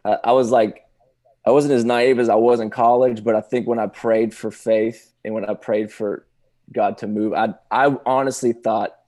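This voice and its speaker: A man, a pastor telling his personal testimony in casual conversation, halting with many restarts and laughing now and then. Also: lowish voice, fairly even intonation, mellow.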